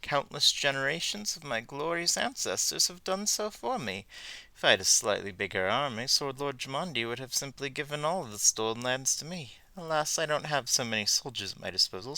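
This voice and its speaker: A man voicing an arrogant male baron who speaks slowly, offhandedly and haughtily in a game. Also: mid-range voice, lively intonation, gravelly, bright, forceful tone, dry recording, exaggerated voice. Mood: haughty.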